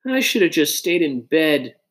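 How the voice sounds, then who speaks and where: A man's voice: high voice, big pitch swings, fairly quick, pitched above the performer's own voice. A man reading aloud and voicing a nervous young sidekick who groans and panics. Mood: panicky.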